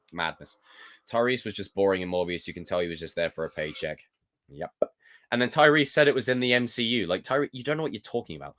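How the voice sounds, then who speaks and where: An animated young man from the UK hosts a solo live stream and chats to his viewers. His pitch swings widely as he talks. He reads comments aloud and answers with quick jokes. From United Kingdom. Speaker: livestream host. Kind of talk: casual live-stream chat.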